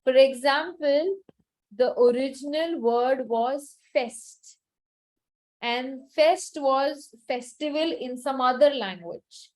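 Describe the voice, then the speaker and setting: A woman teacher with a high voice takes a deliberate, unhurried pace through an online lesson. She is patient and repeats each word several times so her students can drill it. The sound comes through a video call. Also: poor audio. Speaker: French teacher.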